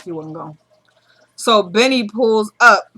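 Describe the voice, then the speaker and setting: A woman's voice: medium pitch, animated, slow pace, pushed and bright. A woman casually recapping a TV drama episode, acting out the characters' lines as she retells each scene. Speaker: show recapper.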